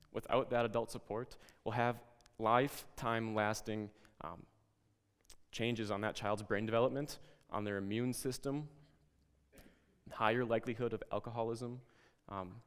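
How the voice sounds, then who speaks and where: A man presenting a lesson to educators, speaking in a calm, reflective, guiding way and telling a story. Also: on the low side, unhurried, smooth, long reverb tail.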